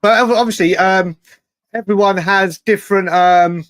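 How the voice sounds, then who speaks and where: A man's voice: high-pitched, fairly even intonation, moderate pace, fairly bright tone, no echo, studio quality. A man co-hosting a casual football chat show, rambling with lots of restarts and the odd swear word. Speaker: podcast co-host.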